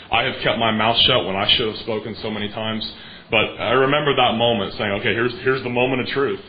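A man preaching a sermon in an earnest, emphatic way, now and then clearing his throat. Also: fairly low pitch, muffled recording, slight background noise.

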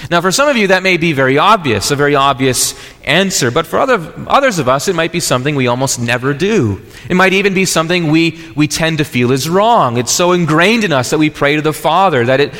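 A man's voice: high voice, pushed and bright, in a large hall. A man preaching a sermon as pastor, earnest and explanatory, often restarting phrases.

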